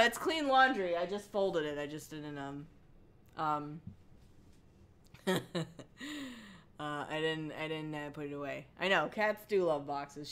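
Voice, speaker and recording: Bright, rambling young woman streamer. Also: deep voice. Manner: rambling, halting, with frequent ums and likes. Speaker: livestream host. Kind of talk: casual chat reading chat messages. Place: home living room, on a couch.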